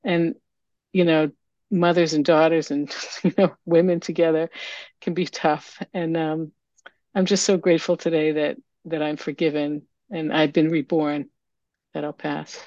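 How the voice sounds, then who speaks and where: A woman giving a candid, emotional share at a recovery meeting, halting with fillers, over a video call. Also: sits low, little pitch movement, darkish tone, no room sound. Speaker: meeting member sharing. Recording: dull lo-fi video call audio.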